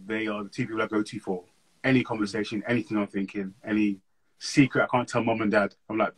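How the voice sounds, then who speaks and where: Fast-talking husky guest. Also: male voice, lowish voice, rough recording. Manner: animated, slangy storyteller. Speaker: guest speaker. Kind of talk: casual interview chat.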